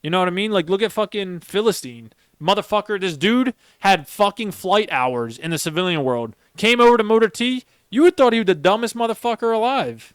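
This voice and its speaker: Speaking a bit fast with few pauses, the young ex-Marine sergeant behind a podcast sounds animated, his smooth voice sitting high. He swears a lot while telling emphatic, wandering stories in casual conversation, captured in a dry, clean studio recording.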